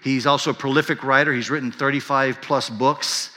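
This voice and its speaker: A man's voice: medium pitch, fairly even intonation, fairly quick, pushed and bright, big-room sound. Earnest man in his fifties preaching. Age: 50s. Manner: earnest storytelling, rising to impassioned emphasis. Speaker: pastor. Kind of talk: sermon.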